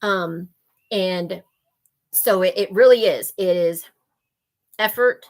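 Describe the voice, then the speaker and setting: A woman's voice: fairly low pitch, slow pace. A woman who teaches, co-hosting a casual podcast, earnest and emphatic with bursts of giggling.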